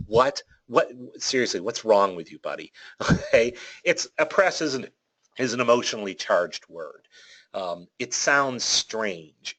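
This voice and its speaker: Animated, sarcastic man giving a webinar. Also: fairly low pitch. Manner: animated, sarcastic and ranting, with playful jabs; frequent fillers like okay and all right. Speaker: webinar presenter on policy writing. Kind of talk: informal webinar lecture.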